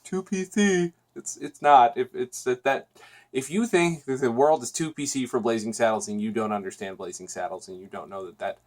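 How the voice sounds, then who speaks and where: A man hosts a solo podcast in a loose, chatty review voice. He rambles, doubles back on himself and fills gaps with "um" and "uh". His pitch sits in an ordinary middle range for a man. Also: steady tone, a little fast. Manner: rambling, chatty, frequent restarts and fillers. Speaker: podcast host.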